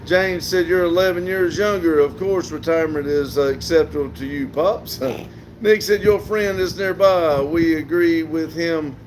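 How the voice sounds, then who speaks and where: A man's voice: on the high side, a little slow, a little mellow, slight background noise. A middle-aged man with a Southern US accent hosts a casual livestream outdoors, reading viewer comments aloud and laughing often. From southern United States. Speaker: livestream host reading chat. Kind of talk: casual live chat.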